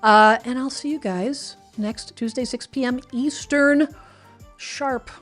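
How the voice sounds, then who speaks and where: A woman's voice: high voice, slow, soft background music. A woman hosting her weekly livestream, talking casually and rambling a little as she answers viewers' comments. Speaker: livestream host.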